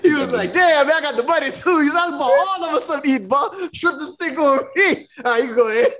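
A man's voice: very high-pitched, quick pace, a loud crowd. A man co-hosting a casual podcast, joking and chiming in on a friend's story. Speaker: podcast co-host. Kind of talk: casual chat.

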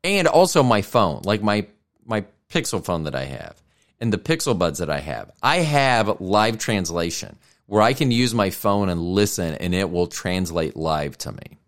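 A middle-aged man hosting a casual solo podcast, rambling and self-deprecating as he thinks out loud. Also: sits low, sing-song, normal speed. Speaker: podcast host.

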